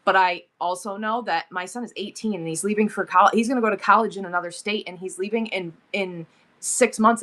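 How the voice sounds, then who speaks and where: A woman's voice: mid-range voice, steady tone, fairly quick, a bit bright, slight background noise. A woman in her forties hosting a live selling stream, talking emotionally about her son and gushing thanks to viewers. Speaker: livestream seller.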